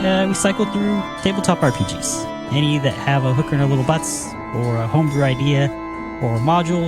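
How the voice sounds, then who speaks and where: A man hosting a tabletop podcast as game master, in a fairly high voice. He jokes crudely and swears freely, with faint music underneath. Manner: crude, joking, loose with swearing. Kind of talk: casual tabletop podcast chat.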